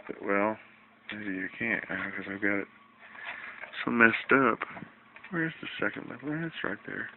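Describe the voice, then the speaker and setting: A man with a very low, gravelly voice talks his way through a home hobby project in a loose, folksy ramble. He is quick to grumble. The sound is thin and tinny, like a cheap camera mic with faint hiss behind it. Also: animated. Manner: rambling, folksy, easily irritated. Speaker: hobbyist showing a fish tank project. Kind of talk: casual home video walkthrough.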